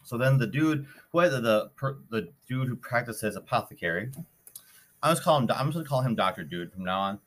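A young man from Minnesota, a podcast host, telling a story in a rambling, animated way with many fillers. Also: medium pitch, a little fast. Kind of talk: casual storytelling.

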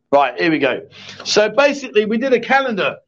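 Picture a man with a notably high voice running a casual live-stream chat show. He rambles, jokes and ribs his co-host between viewer comments. The audio sounds dull and lo-fi, like a stream mic. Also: very animated, normal speed. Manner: joking, teasing, rambling.

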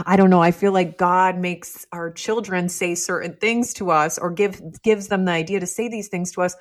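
A woman's voice: fairly low pitch, steady tone, moderate pace. A woman hosting a podcast, answering a guest in a reflective and supportive way. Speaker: podcast host. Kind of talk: casual chat.

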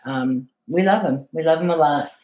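A woman caregiver reading a letter aloud in an earnest, measured way, then answering interview questions. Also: deep voice, warm tone, lo-fi sound. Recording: echoey room.

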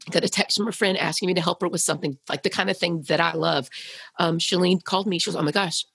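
A woman's voice: on the low side, steady tone, quick pace, creaky, fairly bright tone, husky, dry recording. A woman who leads a women's ministry, a guest sharing a personal testimony in an earnest, heartfelt way with frequent restarts.

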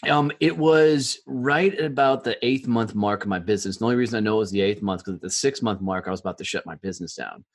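Male podcast host, blunt and profane; low husky voice, lively delivery, dry room. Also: fast talker, few pauses, no room sound. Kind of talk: casual interview chat.

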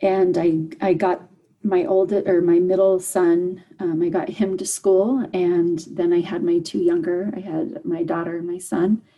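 A woman shares a hard personal story as an interview guest. Her voice is warm, husky and slightly breathy. She talks earnestly and haltingly, with frequent fillers and restarts. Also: on the low side, little pitch movement, highs cut off. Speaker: guest, parent.

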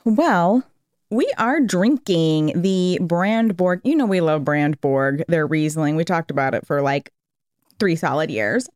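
A woman's voice: fairly low pitch, animated, measured pace, darkish tone, dry recording, clean studio sound. A young woman co-hosting a podcast in casual, enthusiastic chat. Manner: enthusiastic, chatty. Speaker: podcast co-host.

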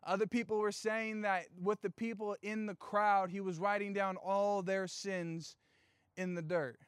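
High-voiced animated young preacher. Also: male voice, measured pace, clear, resonant tone, no echo, studio quality. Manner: animated storytelling with playful asides and slang. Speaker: youth pastor. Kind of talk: sermon.

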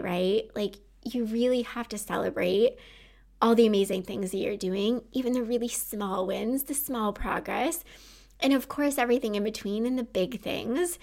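A woman in her thirties hosting her own podcast, talking earnestly and encouragingly to listeners about self-kindness. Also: on the high side. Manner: earnest and encouraging, warm laughs. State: tearful at times. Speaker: podcast host and anxiety coach. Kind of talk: heartfelt solo podcast talk.

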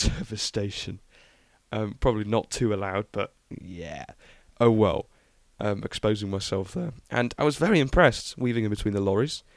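A man's voice: mid-range voice, dry recording, studio quality. A young man hosting a podcast, chatting casually and enthusiastically about car news with lots of ums. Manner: rambling, enthusiastic, many ums. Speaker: podcast host.

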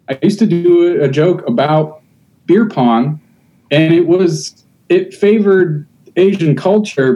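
A man talking loosely on a podcast, his voice mellow and soft-edged. He rambles through his points with lots of fillers and restarts, casual and unscripted. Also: fairly high pitch, low-quality recording. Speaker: podcast host.

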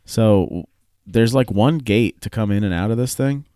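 Deep-voiced man telling a story casually. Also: normal speed, warm tone, no echo, studio quality. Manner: swearing, storytelling, laughs often. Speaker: podcast co-host. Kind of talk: casual chat. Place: home.

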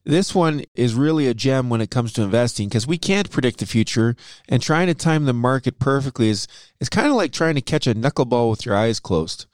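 A man's voice: medium pitch, animated, a little fast, few pauses, no room sound. An upbeat man chats through an investing podcast as co-host. His voice sits in a middle register. The sound is dry and close, with no room around it. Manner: upbeat, chatty, self-aware about his "radio voice". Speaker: podcast co-host, financial advisor. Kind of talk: casual chat.

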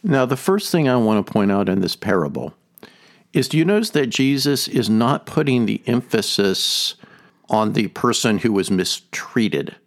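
A low, gravelly male voice with a lively, rising and falling delivery. He hosts a podcast and teaches earnestly, circling back to stress his main point again and again. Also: moderate pace. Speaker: podcast host. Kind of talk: teaching talk on a faith topic.

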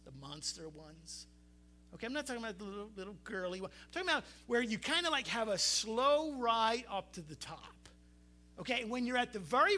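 A man preaching a sermon, animated, putting questions to his listeners and acting out the quotes he reads. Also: high voice. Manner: animated, talks to the congregation with questions and acted-out quotes. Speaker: pastor.

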